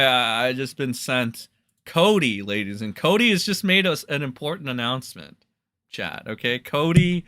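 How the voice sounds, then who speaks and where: A man's voice: medium pitch, sharp tone, clear, resonant tone, no room sound, studio quality. A man hosting a livestream, mocking and ranting with constant swearing and lots of "like" and "all right". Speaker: livestream commentary host. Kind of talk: profane reaction commentary.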